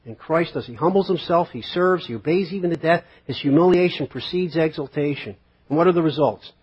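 A man's voice: fairly high pitch, fairly quick, a little hiss or hum. A male pastor preaching a conversational sermon, full of rhetorical questions and acted-out quotes. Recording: dull lo-fi sermon recording.

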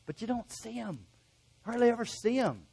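A man's voice: very high voice, big pitch swings, normal speed, gravelly, a little mellow, husky, poor audio. A middle-aged male pastor preaching a sermon in an earnest, emphatic way, acting out bits of conversation.

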